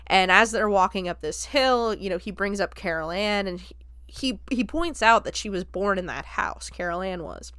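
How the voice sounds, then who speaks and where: A woman's voice: medium pitch, moderate pace, fairly bright tone, smooth, no room sound, studio quality. A woman hosting a podcast, casually recapping a film scene by scene, laughing often and acting out the lines she quotes. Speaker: podcast host reviewing a film.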